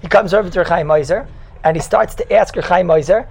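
High, gravelly rabbi teaching a class. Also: male voice, fairly quick, a little mellow, a little hiss or hum, poor audio. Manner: conversational, teasing, keeps asking "right?"; tells stories, mixes in Hebrew and Yiddish terms. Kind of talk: Torah class lecture to a live group.

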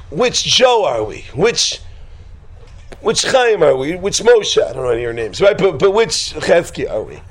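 A man teaching a group in an informal religious talk. He jokes and wanders off topic, then rises to an emphatic preaching tone. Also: high-pitched. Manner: joking, digressive, quick to laugh. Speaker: teacher leading a class.

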